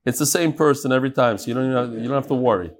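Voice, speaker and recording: A man teaching a live Talmud class, lively and chatty, teasing his audience. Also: medium pitch, racing.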